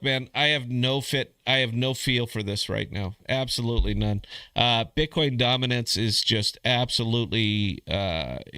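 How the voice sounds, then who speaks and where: A man's voice: mid-range voice, pushed and bright, smooth, no echo. A man hosting a podcast in a crude, sardonic casual rant, calling listeners "man" and "brother". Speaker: podcast host.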